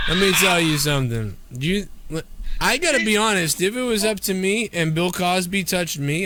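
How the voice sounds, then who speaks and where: A man's voice: high-pitched, lively intonation, moderate pace, sharp tone. A man hosting a live call-in stream, rambling through crude, profane jokes in casual banter. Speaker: live stream show host.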